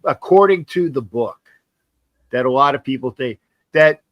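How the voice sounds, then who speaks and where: A man's voice: mid-range voice, lively intonation, normal speed, long pauses, dry recording. A man hosting a casual sports talk show, rambling, repeating words and joking. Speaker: host.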